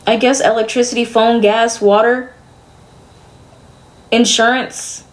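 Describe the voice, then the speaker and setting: A woman's voice: fairly high pitch, level tone, takes it slowly. A young woman streamer venting to her chat, exasperated and swearing as she rambles.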